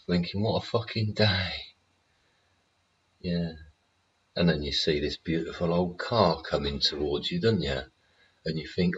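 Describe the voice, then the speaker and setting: A man with a very low voice talks in a loose, rambling monologue full of swearing and little laughs. The audio is slightly dull and lo-fi, with faint ambience behind him. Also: a little slow, pauses often, fairly bright tone, a little hiss or hum. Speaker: host.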